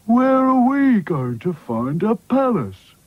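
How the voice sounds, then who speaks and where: A man playing a gloomy cartoon rag doll who drags every word out in a slow, mournful drawl. The voice sits a little above a normal man's and comes out breathy and sounding set back from the mic. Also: high voice, sing-song, dry recording, narrow, tinny audio, voice pushed up, full character voice. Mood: glum. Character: glum slow male rag doll who resists change.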